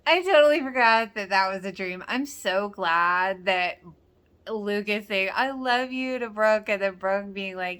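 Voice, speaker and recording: A woman talks through a TV episode in a loose, chatty way. She exclaims often and slips into quoting the characters as she reacts. Her voice sits at an ordinary mid pitch. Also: moderate pace, a bit bright, clear, resonant tone. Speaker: rewatch reaction host. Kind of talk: casual reaction commentary.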